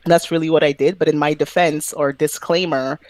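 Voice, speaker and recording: Animated man telling a travel story. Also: on the high side, a little fast, dry recording. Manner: animated storyteller acting out quoted exchanges. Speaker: podcast guest. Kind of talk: casual storytelling chat. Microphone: video call.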